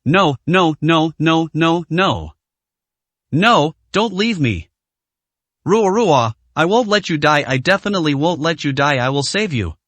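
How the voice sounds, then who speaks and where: A grief-stricken young man, desperate and clinging, as a narrator voices him, crying out in repeated anguished denials. His voice is slightly raised in pitch and sounds dry, as if close to the mic. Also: animated, a little slow, fairly bright tone, no echo.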